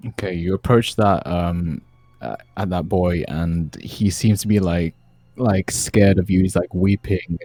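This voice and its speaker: A man's voice: sits low, measured pace, mellow, no echo, poor audio. A man narrating a tabletop game as game master, hesitant with many fillers.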